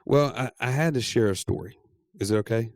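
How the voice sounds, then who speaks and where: A man co-hosting a podcast, telling a story in a playful, animated way and laughing often. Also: mid-range voice, fairly quick, dry recording, clean studio sound. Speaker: podcast co-host. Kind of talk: casual storytelling chat.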